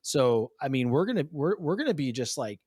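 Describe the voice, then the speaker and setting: Animated man, dry close sound. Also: mid-range voice, a little fast, breathy edge, no echo. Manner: animated storyteller, acts out quotes. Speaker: podcast host. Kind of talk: casual interview chat.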